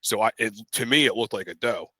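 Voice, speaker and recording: A man's voice: lowish voice, a little fast, no room sound. A young man co-hosting a podcast, casually telling a story and acting out the voices of the people in it. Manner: animated, acts out quoted voices in his stories. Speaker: podcast co-host.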